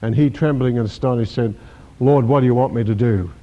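A man's voice: medium pitch, brisk, dark tone. An older man preaching a sermon, emphatic, repeating key words and acting out the scripture he quotes. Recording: dull lo-fi recording.

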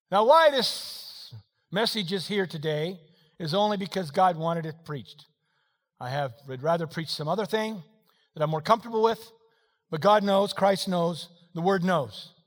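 A man with a high voice preaches a sermon, telling his stories with animated swings from hushed to loud. His voice rings out with a long reverb, as in a large hall. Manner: animated storytelling, swinging between quiet and loud. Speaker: pastor.

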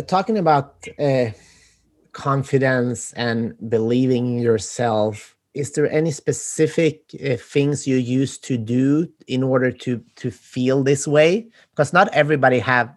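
A man hosting a podcast over a video call, asking halting questions with fillers and encouraging his guest warmly. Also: mid-range voice. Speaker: podcast host. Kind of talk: interview questions. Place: in Los Angeles. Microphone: remote video call.

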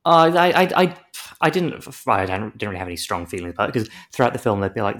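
A man's voice: fairly low pitch, big pitch swings, fast, fairly bright tone. A man co-hosting a film review podcast, chatting casually and rambling into wry comic analogies.

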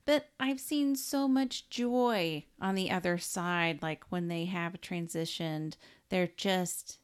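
A woman with a fairly low voice co-hosts a casual film podcast. She speaks frankly and bluntly, swearing without hesitation. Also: slow pace, smooth. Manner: frank and outspoken, swears freely. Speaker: podcast co-host. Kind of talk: casual chat.

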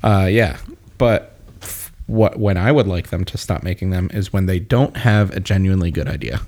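A man's voice: sits low, moderate pace, a little mellow. A man in casual chat, an opinionated movie fan who talks at length and hiccups a little.

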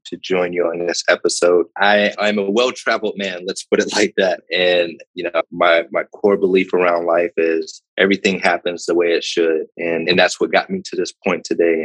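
A man from Pittsburgh in his thirties, a podcast guest telling his life story in a relaxed, reflective way with many fillers and repeated words. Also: low-pitched, dry recording, rough recording. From Pittsburgh, Pennsylvania, USA. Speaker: podcast guest, startup founder. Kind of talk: casual interview storytelling.

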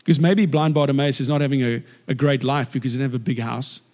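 A man giving a lively, conversational sermon and acting out the people in the story. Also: medium pitch, fast. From South Africa. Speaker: guest preacher. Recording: long hall reverb.

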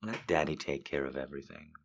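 Sultry dominant lover, voiced by a man: very deep, slow, hushed. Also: lively intonation, gravelly, full character voice. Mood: hushed, teasing. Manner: slow, hushed, teasing delivery. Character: low-voiced seductive dominant male lover. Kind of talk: reading listener quotes in a sultry voice.

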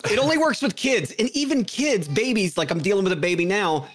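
A man in casual podcast banter, animated and profane, joking and putting on silly voices. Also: high voice, a little fast.

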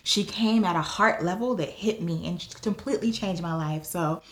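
A woman's voice: fairly low pitch, moderate pace. A woman from Watts, California, telling her personal story as an interview guest, with lots of "um" and "like" and frequent laughter. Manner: animated, full of "um" and "like", laughs often. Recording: roomy echo.

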